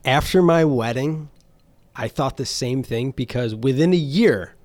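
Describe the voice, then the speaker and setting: A man's voice: medium pitch, a little slow, darkish tone, dry recording. Chatty man with a dry, close sound. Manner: chatty, rambling with fillers. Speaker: podcast co-host. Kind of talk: casual chat.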